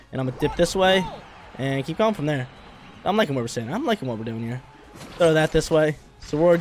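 A young man giving hyped, slangy commentary over his own gameplay as a gaming YouTuber, reacting quickly to each play. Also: fairly high pitch. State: briefly coughing.

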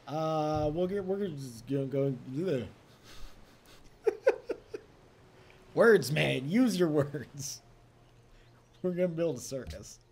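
A man's voice: fairly high pitch, lively intonation, takes it slowly, pauses often, a little mellow, a little hiss or hum. A young man casually commenting on his strategy game session, chatty and self-mocking, laughing often. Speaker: let's play host.

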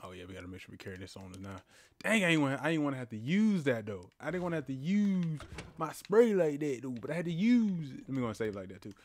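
A man casually commenting on a horror game as he plays, talking to his viewers and yelling when startled. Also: medium pitch, fast talker. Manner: excitable, talks to viewers, yells at jump scares. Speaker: gaming channel host. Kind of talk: casual let's-play commentary. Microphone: headphones with a mic.

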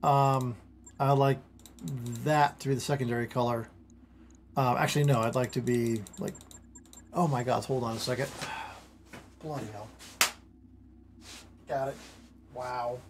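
A man casually commentating his strategy game stream at home, rambling, interrupting himself and getting excited over small things. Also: mid-range voice, normal speed, pauses often, a little hiss or hum.

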